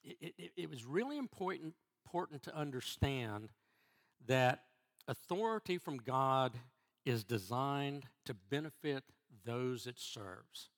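A middle-aged man, a church elder, preaching a sermon in a halting way, repeating words and restarting before stressing key phrases. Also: medium pitch, expressive, fairly bright tone.

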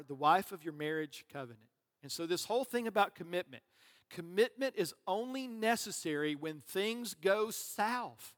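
A man's voice: sits high, fairly bright tone. A man preaching a sermon as pastor, conversational and joking, with asides to the congregation. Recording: long reverb of a large hall.

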